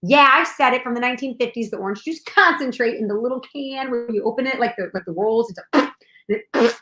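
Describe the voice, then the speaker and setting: A woman chatting casually on a livestream, bubbly and excitable, talking straight to viewers. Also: a little high, a little fast, slight background noise. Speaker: co-host. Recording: echoey room.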